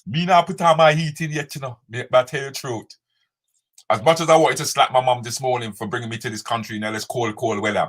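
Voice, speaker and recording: Mixed in is a guy hosting a live chat, a comedian with a bright, forward, medium-pitched voice who ribs everyone. On this casual stream he reads comments, banters with viewers by name and lapses into Jamaican patois.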